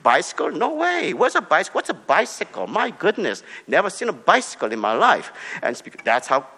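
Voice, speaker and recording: A Korean-born male pastor preaches with a bright, forceful tone. His pitch leaps about as he hammers home short commands, and a long hall reverb trails behind every phrase. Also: wildly swooping pitch, brisk, husky. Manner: emphatic, repeats short commands, swings between soft and loud. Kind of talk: preaching a sermon.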